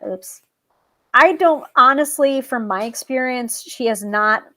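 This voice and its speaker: Her voice is high and sharp, and she speaks a little slowly. Hosting a tarot show, she rambles cheerfully about working with a goddess and goes through a list of reading tips, stumbling over ums and restarts and chuckling at her own asides.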